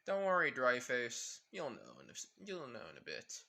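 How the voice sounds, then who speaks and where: A man's voice: mid-range voice, wildly swooping pitch, normal speed, creaky, bright, forceful tone, heavily acted. A man voicing a cool teenage boy ninja with a dry, teasing manner.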